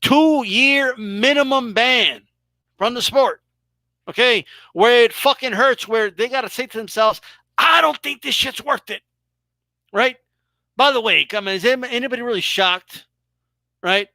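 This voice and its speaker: A man's voice: extremely high pitch, unhurried, pauses often, sharp tone, no echo. A man hosting a live boxing talk stream, talking casually and emphatically, swearing freely. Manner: emphatic, swearing, exaggerated mock reactions. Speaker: boxing show host.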